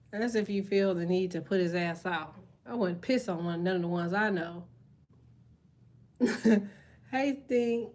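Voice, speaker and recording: A woman reading tarot who reacts to viewer comments in casual live-stream chat. She swears freely, jokes, and laughs often. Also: medium pitch. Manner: profane, laughs often, jokey banter.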